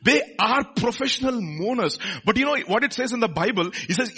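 A man's voice: sits high, big pitch swings, a little fast, sharp tone, slightly rough. A man preaching a sermon, asking the congregation questions as he teaches from scripture. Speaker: pastor.

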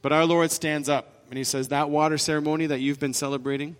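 A man preaching a sermon, with emphatic rises and soft drops in his delivery. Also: a little high, level tone, quick pace. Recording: long reverb in a large hall.

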